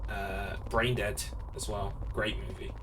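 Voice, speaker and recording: A man's voice: on the low side, little pitch movement, a little slow. A man streaming a speedrun, chatting casually with viewers between frustrated outbursts. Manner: chatty, talks to chat between bursts of frustration. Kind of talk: casual commentary while gaming. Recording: distant mic with clear background noise.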